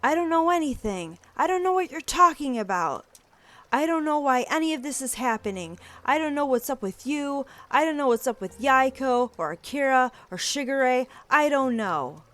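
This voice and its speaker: A woman's voice: mid-range voice, animated, normal speed, close to an everyday voice. Brief: a woman reading as an angry, self-doubting teen assistant, raised voice, game read. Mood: shouting. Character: frustrated seventeen-year-old assistant, self-doubting, quick to anger.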